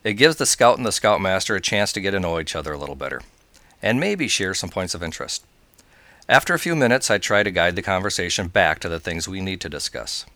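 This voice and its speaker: A man hosting a scouting show, calmly talking through advice and telling a joke story. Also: sits low, fast, no room sound. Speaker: scoutmaster, podcast host.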